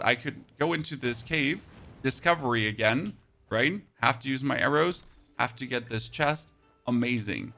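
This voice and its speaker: German man narrating gameplay, gravelly edge. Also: mid-range voice, sharp tone, soft background music. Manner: enthusiastic, rapid play-by-play calls. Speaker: gaming youtuber. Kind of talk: gameplay commentary.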